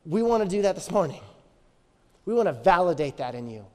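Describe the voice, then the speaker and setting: A man's voice: high-pitched, sing-song, brisk, warm tone, in a large hall. A man in his thirties preaching a sermon as pastor, telling stories with energy and repeating phrases for emphasis.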